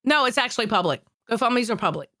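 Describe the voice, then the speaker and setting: A woman's voice: fairly high pitch, expressive, fast talker, bright, forceful tone, no echo, clean studio sound. A woman co-hosting a live stream, chatting bluntly about online drama and swearing freely as she makes her points. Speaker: stream co-host. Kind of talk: casual drama-commentary chat.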